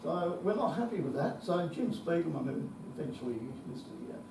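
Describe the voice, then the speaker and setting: A man's voice: a little high, animated, fairly quick, gravelly, noisy background. Older Australian man swearing through a story. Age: 70s. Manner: salty storytelling, frequent swearing and chuckles. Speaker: conference speaker. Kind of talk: anecdotal conference talk. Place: conference hall. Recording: echoey hall, distant mic.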